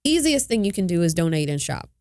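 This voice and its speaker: A woman's voice: lowish voice, big pitch swings, quick pace, darkish tone, no echo. A woman co-hosting a talk show in a studio, chatting in an upbeat, easygoing way and laughing easily. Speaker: co-host. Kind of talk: casual talk show chat.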